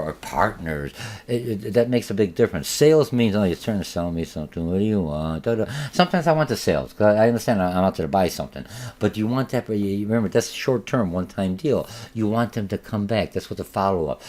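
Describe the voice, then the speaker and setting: A man's voice: sits low, a little mellow. A man teaching a college marketing lecture in a rambling, conversational way, with many restarts and acted-out examples. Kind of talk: recorded lecture.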